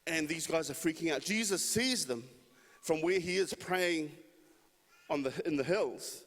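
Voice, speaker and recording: A male pastor tells a story from the pulpit, easy and conversational. His voice sits a bit high, and a long reverb from the church hall trails after his words. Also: unhurried, a bit bright. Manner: conversational, storytelling with acted quotes. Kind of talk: sermon.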